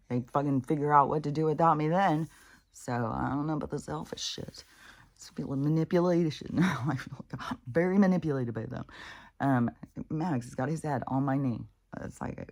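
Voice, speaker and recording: At home with her dogs, a woman vlogger speaks in a bass voice, a little mellow, at a moderate pace. Her casual monologue rambles, swears freely, and keeps restarting sentences between laughs.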